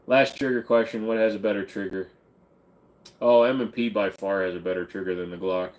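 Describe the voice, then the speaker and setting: A man's voice: fairly low pitch, fairly even intonation, a little fast. A man hosting a casual livestream Q&A, answering viewer questions in a blunt, offhand and joking way. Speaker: channel host.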